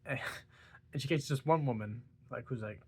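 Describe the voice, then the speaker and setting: A man's voice: mid-range voice, normal speed, darkish tone, breathy edge. A tired, yawning young man talking casually about a book, rambling with stumbles and giggles. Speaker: book reviewer. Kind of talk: casual book talk vlog.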